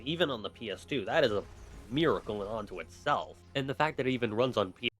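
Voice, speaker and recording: A man's voice: mid-range voice, lively intonation, fast talker, a bit bright. A man rambling through gripes in a game review, exasperated and complaining. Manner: exasperated, griping. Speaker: gaming video commentator.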